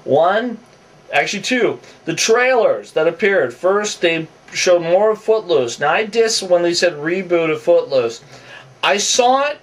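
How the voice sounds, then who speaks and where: A man's voice: a little high, distant mic. A man giving off-the-cuff, opinionated commentary that rambles with asides and restarts.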